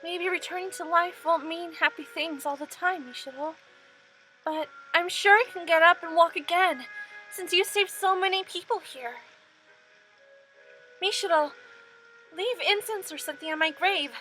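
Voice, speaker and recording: A woman's voice: extremely high pitch, moderate pace, pauses often, sharp tone, soft background music, voice pushed up, poor audio. A woman voicing a cheerful, grateful young girl while reading a game aloud.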